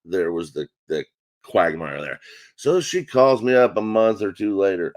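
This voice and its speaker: Middle-aged male comic guest, lowish voice, deadpan and foul-mouthed, spins a long family anecdote. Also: moderate pace. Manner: deadpan, swears freely, acts out quotes. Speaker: comedian guest. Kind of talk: profane storytelling.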